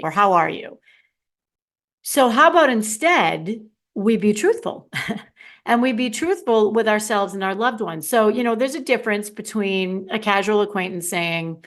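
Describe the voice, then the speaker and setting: A woman's voice: medium pitch, moderate pace. A middle-aged woman, a confidence coach, talking candidly and playfully to her listeners in a solo podcast.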